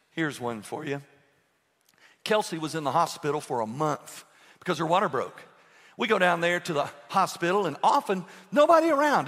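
A man's voice: a little high, fairly bright tone. A man in his sixties preaching a sermon as pastor, telling humorous stories and quizzing the congregation. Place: church sanctuary. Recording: long reverb of a large church hall.

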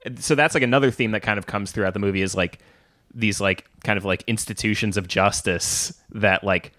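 A man with a low voice co-hosting a casual film podcast. He talks in an opinionated, wry way with plenty of fillers. His voice sounds dry and close to the mic. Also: fairly quick, bright, forceful tone, no echo. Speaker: podcast co-host.

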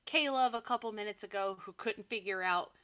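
A young woman talks through a film plot in loose, animated podcast chat. Her voice is bright and crisp, and she laughs often and drops sarcastic asides. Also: mid-range voice, brisk. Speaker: podcast co-host. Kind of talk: casual movie recap chat.

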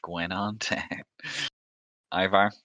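A man running a tabletop game as game master, relaxed, laughing often and filling pauses with um. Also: sits low, no room sound, muffled recording.

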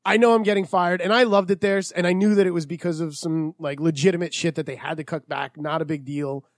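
A man in his thirties tells a story with plenty of swearing and bounce, doing little voices for the people in it. His voice sits high, and it is recorded dry and close with no room sound. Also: fast, dry recording. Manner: swears often, animated storytelling with quoted voices. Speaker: podcast host. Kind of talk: casual storytelling chat.

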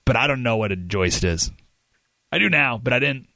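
A man's voice: mid-range voice, expressive, moderate pace, vocal fry, bright, forceful tone, dry recording, clean studio sound. A man hosting a radio show, talking casually and rambling in a self-deprecating way, often laughing at himself. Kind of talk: casual talk radio monologue. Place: radio studio.

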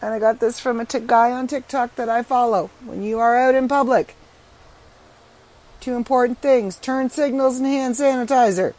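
A middle-aged woman podcaster in casual solo chat, chatty and frank, her voice rough and congested from allergies. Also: on the high side, steady tone, normal speed, a little mellow, low-quality recording.

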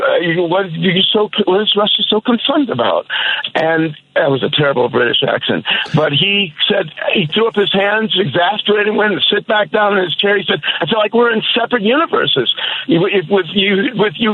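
A man in his sixties calling in to a radio show, long-winded, rambling and insistent. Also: high voice. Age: 60s. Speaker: caller. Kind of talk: call-in radio rant. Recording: tinny phone line.

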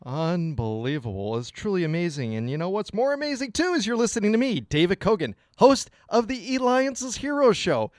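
High-voiced enthusiastic male radio host. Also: sing-song, no room sound, clean studio sound. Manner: enthusiastic, quick interjections. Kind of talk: radio interview.

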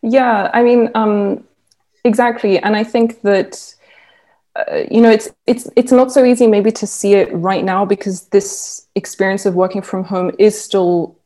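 A woman's voice: mid-range voice, fairly even intonation, a little slow, mellow. A woman researcher explaining her findings in an interview, with frequent ums and restarts. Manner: hesitant, many fillers and restarts. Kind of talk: interview answer.

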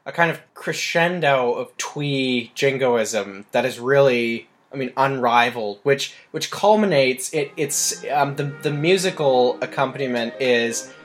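Man, podcast co-host, casual rambling chat, lots of fillers, mid-pitched voice. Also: a little slow, hardly any pauses, soft background music. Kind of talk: casual film-review chat.

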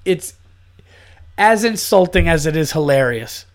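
Animated swearing male comedian host. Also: a little high, unhurried. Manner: animated, incredulous, swears often. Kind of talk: casual comedic rant.

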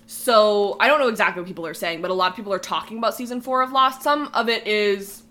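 A woman's voice: medium pitch, fast, sharp tone. A woman hosting a podcast, recapping a TV episode in a chatty way, with frequent "like" fillers and easy laughter. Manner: chatty, says "like" often, laughs easily. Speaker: podcast host. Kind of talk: casual recap chat.

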